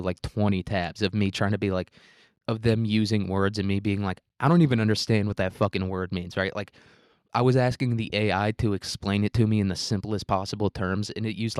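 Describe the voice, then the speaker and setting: Young male podcast host, low-pitched, dry close sound, profane, rambling and self-mocking. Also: no room sound. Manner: profane, rambling, self-deprecating, says "dude" a lot. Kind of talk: casual solo podcast monologue.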